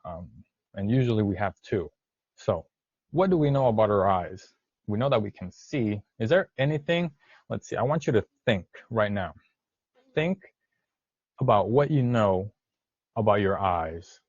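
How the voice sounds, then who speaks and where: A man's voice: on the low side, lively intonation, normal speed, darkish tone, husky. Lo-fi male teacher, encouraging. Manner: encouraging, repeats words for students to echo; speaks some Spanish to the class. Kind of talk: virtual classroom lesson over slides. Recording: dull lo-fi dry sound.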